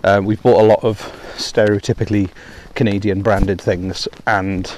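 Rambling man, low voice, outdoors. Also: level tone, normal speed, a little mellow, slight background noise. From Wales. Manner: rambling, self-deprecating, many ums. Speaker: podcast host. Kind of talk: casual monologue while walking. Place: outdoors in heavy rain. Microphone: hands-free phone headset.

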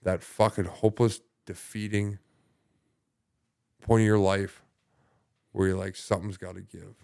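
A man's voice: low voice, level tone, unhurried, creaky, dark tone, smooth. Swearing, rambling man telling his story. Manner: rambling, heavy swearing, many fillers. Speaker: podcast guest. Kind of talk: recovery story, casual talk.

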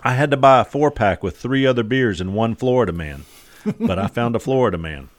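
A man's voice: mid-range voice, expressive, fairly quick, no room sound. A man hosting a podcast in casual chat, rambling and jokey with lots of fillers. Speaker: podcast host.

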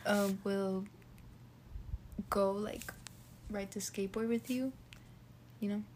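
A woman's voice: medium pitch, steady tone, slow, a little mellow, a little hiss or hum. A young woman in casual, joking chat about dating, with lots of fillers.

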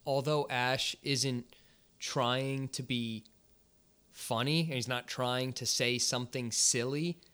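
Smooth-voiced thoughtful man. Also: medium pitch, steady tone, slow pace, fairly bright tone. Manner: thoughtful, analytical, searches for words. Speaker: podcast co-host. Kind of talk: casual movie review chat.

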